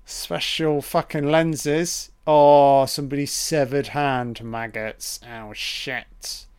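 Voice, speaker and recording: A man giving a casual, profane running commentary on a film, reacting loudly to what is on screen. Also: mid-range voice, steady tone, takes it slowly, smooth.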